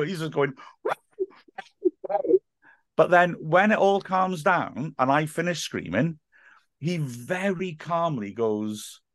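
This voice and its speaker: A man's voice: on the high side, a bit bright, no room sound, clean studio sound. A man, a football commentator chatting as a podcast guest and telling stories with many restarts. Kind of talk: casual podcast chat.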